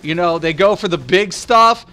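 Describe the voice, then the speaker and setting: Excitable man rambling on a game stream. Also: high-pitched, moderate pace. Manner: rambling, excitable, talks back to chat. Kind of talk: casual live-stream chat.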